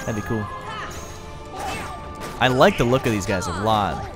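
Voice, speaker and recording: A young man giving excitable, chatty let's-play commentary, laughing often. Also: fairly low pitch, a little slow, over music. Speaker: gaming video host.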